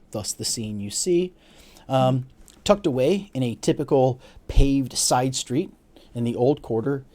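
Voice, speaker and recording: A man's voice: mid-range voice, mellow. Man running a tabletop game. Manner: casual, halting with fillers. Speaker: game master.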